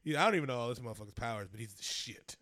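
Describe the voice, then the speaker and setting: A man's voice: medium pitch, lively intonation, very fast, a bit bright, dry recording, studio quality. A man in his thirties in casual podcast chat, joking, swearing freely and rambling a little. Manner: profane, joking, loose and rambling. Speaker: podcast co-host.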